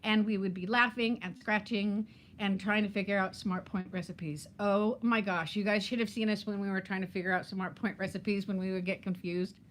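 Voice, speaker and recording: With a mid-range voice, fairly even intonation, and a moderate pace with few pauses, a vlogger in her fifties runs a casual live-stream chat. She laughs a lot and welcomes viewers by name over slight background noise.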